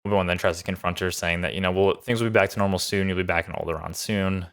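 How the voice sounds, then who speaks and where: Speaking fast in a steady, fairly bright low voice, a man reviews and recaps a TV episode. He's an enthusiastic show reviewer whose rambling, relaxed commentary is full of fillers.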